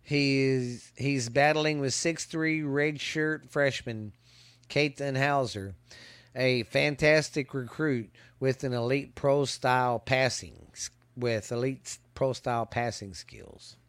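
This man's voice is mid-range, smooth, and fairly bright, with no echo. He's a podcast host doing a casual football season preview outside in hot weather. He reads stats haltingly, stumbling, starting over, and hiccuping.

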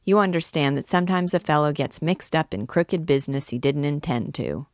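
A woman's voice: low voice, fairly quick, no echo, clean studio sound. A woman voicing a shifty small-town male swindler who talks in a confidential, wheedling way.

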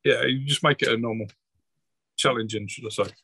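Over a voice call on a home mic, a man runs a tabletop game online as game master, talking casually with plenty of hesitations and ums. His medium-pitched, gravelly voice is fairly quick and fairly even in intonation, with background noise.

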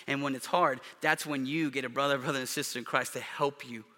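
A man preaching a sermon in an earnest way, with emphatic rises and hushed drops. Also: mid-range voice, steady tone, brisk, in a large hall. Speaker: pastor.

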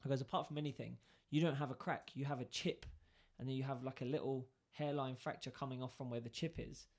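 Telling a workplace story in relaxed conversation, a man speaks fast in a mid-range voice. He animatedly acts out both sides of what was said.

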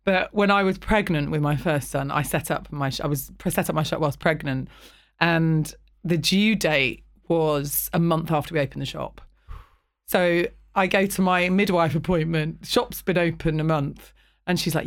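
A woman's voice: low-pitched, moderate pace. A woman hosting an interview podcast, chatting casually and laughing often. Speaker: podcast host.

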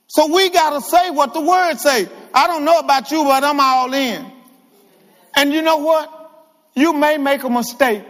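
Preacher, man, very high voice, lively call-and-response delivery, long church-hall reverb. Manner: animated, calls to the congregation. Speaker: guest preacher. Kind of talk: sermon.

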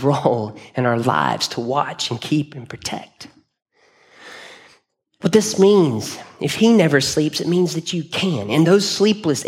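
A man's voice: a little high, darkish tone. A man preaching a sermon in a church, speaking earnestly in a conversational way and often restarting his phrases. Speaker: pastor. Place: church hall.

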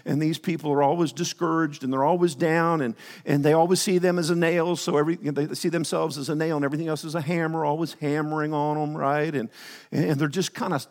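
A man preaching in a church, his fairly high voice ringing out in a long hall reverb. He rambles, restarts his sentences and throws in joking asides to the congregation. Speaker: pastor. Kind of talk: sermon. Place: church sanctuary.

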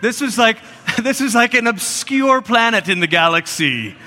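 Pastor, male, high bright voice, animated storyteller, echoing sanctuary. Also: moderate pace. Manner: animated storytelling with playful asides. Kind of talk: sermon.

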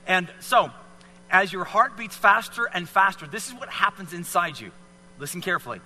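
A man coaching volunteers through exercises in front of a crowd, pushing them on with short, repeated cues. His voice sits a bit high and very bright. The sound carries a hall's long reverb with a faint hum underneath. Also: animated, normal speed. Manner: encouraging, coaxing, repetitive cues. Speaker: speaker leading a fitness demonstration. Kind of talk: live talk to an audience with volunteers.

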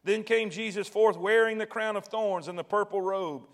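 A man preaching a sermon, retelling a scripture passage and acting out its voices, swelling at times to shouts. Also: high-pitched, fairly even intonation, moderate pace. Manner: dramatic, acts out quoted voices and swells to shouts.

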